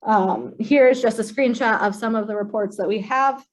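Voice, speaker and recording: A woman presenting a software walkthrough in a webinar, speaking plainly with many um fillers. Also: fairly high pitch, normal speed, rough recording. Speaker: compliance staff presenting software.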